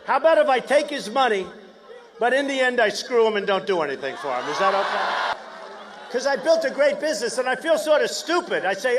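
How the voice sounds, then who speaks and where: A man giving a rambling, boastful campaign rally speech from a podium, tossing shouted asides to the crowd. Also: very high voice, expressive, normal speed. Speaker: political candidate. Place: large outdoor stadium rally.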